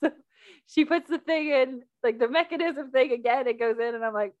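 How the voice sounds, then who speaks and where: Young woman, podcast host, fairly high voice, animated casual storyteller who laughs often and plays out every quote. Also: brisk, dull audio.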